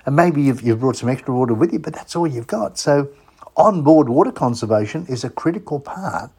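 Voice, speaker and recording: A man's voice: medium pitch, animated, a little fast, darkish tone, breathy edge. A man with an Australian accent, hosting a casual travel show, chatting and spelling out web addresses for sponsors. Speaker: radio host. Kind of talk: casual chat with sponsor plugs.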